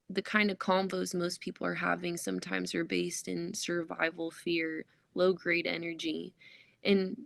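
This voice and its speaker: A woman's voice: on the low side, creaky, fairly bright tone, no echo. A woman co-hosting a podcast, talking earnestly and easygoing, with a lot of "like" and the odd swear. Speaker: podcast co-host. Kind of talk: casual podcast chat.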